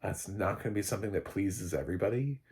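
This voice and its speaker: A man's voice: sits low, animated, quick pace, gravelly, a little mellow, husky. A man giving a casual spoken movie review, rambling, restarting sentences and chuckling often. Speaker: film reviewer.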